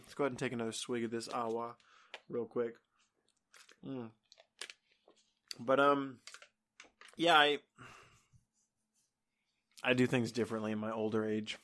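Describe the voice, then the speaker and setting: A man's voice: mid-range voice, a bit bright. Rambling, profane man hosting a podcast. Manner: rambling and profane, with many fillers. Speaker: podcast host. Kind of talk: casual comedic solo podcast rant. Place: home apartment. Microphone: desk microphone.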